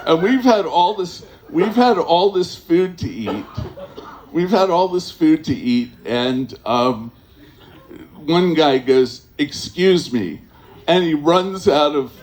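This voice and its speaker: A man telling a personal story to a live audience, rambling and halting, with many fillers and restarts, often chuckling as he goes. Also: on the high side, lively intonation, darkish tone.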